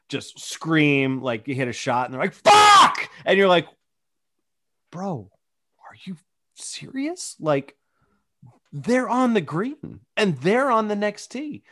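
A man's voice: mid-range voice, no room sound, clean studio sound. A young man in casual chat as a podcast co-host, telling stories animatedly and acting out quotes. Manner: animated storyteller, acts out quotes.

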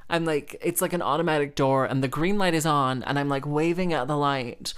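This woman plays the harp, and her deep, clean-toned voice moves along fairly quickly. Her story is a loose, chatty anecdote packed with "like" and little bursts of laughter between phrases.

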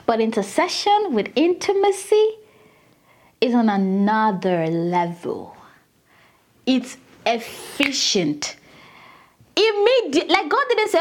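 A woman teaching scripture in a casual, chatty way, with a high voice that swoops widely up and down. She keeps addressing her listeners as "guys" and acts out Bible scenes as she goes. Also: big pitch swings, measured pace, long pauses. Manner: dramatizes scripture with acted quotes.

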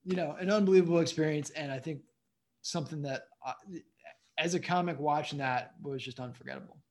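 A man's voice: on the high side, fairly quick. A man who is a comedian, a guest on a casual interview, telling rambling stories and often asking "you know what I mean".

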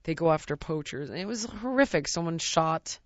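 A woman's voice: sits low, animated, moderate pace, no echo. Casting: a woman who thinks aloud, earnest and searching and full of restarts, in a dry, slightly dull recording. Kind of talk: candid casual chat.

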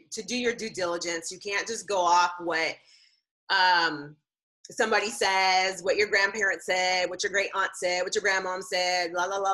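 A woman's voice: fairly low pitch, pushed and bright, rough recording. A woman co-hosting a casual live-streamed chat, talking earnestly with many fillers and restarts. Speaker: co-host.

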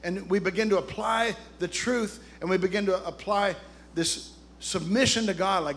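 A man's voice: sits high, moderate pace, fairly bright tone. A man preaching a sermon in an emphatic, rousing way, calling out to his congregation. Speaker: pastor.

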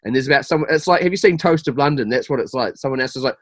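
A man, telling animated stories and laughing often as a podcast co-host. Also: mid-range voice, rapid-fire, no echo. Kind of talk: casual banter.

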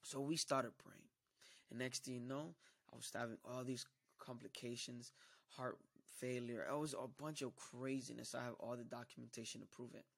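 A man with a gravelly voice gives a personal testimony in church. He tells it emphatically and acts out what others said to him. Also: medium pitch, level tone, normal speed. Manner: emphatic storytelling, acting out quoted dialogue. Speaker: church member giving a testimony.

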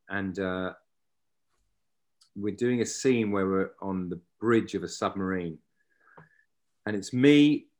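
A man with a fairly low voice tells a showbiz story in a casual interview. He talks freely, swears without pause and acts out the moments as he goes. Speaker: actor and podcast guest. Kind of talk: casual anecdote telling.

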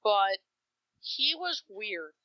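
A woman's voice: medium pitch, sing-song, drawn-out words, no room sound. A woman tells wry stories about her son in casual conversation. The recording is dry and close, with a slightly dull, muffled top end. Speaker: mother. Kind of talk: casual chat.

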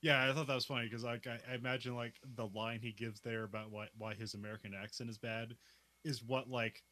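Laughing, bright-toned man talking TV. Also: mid-range voice, steady tone, brisk, dry recording. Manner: laughs often, loose chatty retelling. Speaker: podcast co-host. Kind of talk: casual TV recap chat.

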